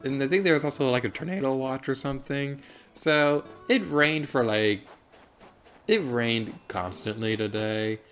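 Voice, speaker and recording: A woman's voice: a bass voice, a little slow, soft background music. A woman hosting a let's play, chatting casually and rambling off on tangents with giggly, self-deprecating asides. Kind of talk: casual gameplay commentary.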